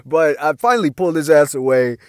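A man telling a casual anecdote in a slangy, profane, animated way. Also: a little high, fairly quick, clean tone, dry recording, studio quality. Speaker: storyteller.

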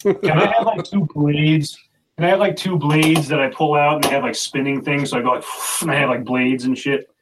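A man playing in a tabletop game, excitedly rambling about the gear he wants. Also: a little high, fast. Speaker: player. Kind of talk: casual tabletop game chat. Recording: distant with clear noise.

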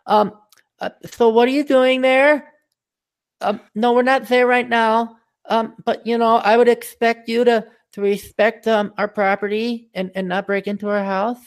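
A man putting on a high timid millennial guy. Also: flat delivery, measured pace, clean tone. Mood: meek. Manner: hesitant, filler-laden, meek pleading. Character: timid young millennial homeowner man, overly polite.

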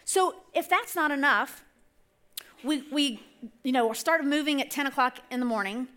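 High, bright-voiced woman preaching. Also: moderate pace. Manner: chatty, rambling, self-correcting. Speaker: church speaker. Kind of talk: storytelling sermon. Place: church stage.

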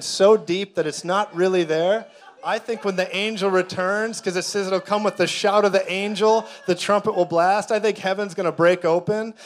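A man preaching from the pulpit in a slightly high voice. He swings between hushed, intense passages and loud, playful bursts where he acts out voices and laughs along with his own jokes. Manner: preaching with humor, acting out voices. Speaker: pastor. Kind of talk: sermon.

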